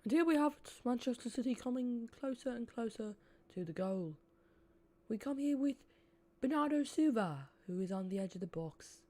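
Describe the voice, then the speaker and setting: A man voicing a theatrical male football commentator, with an exaggerated sing-song delivery, pitched far higher than his own voice. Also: expressive, normal speed, a little mellow. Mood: mock-dramatic.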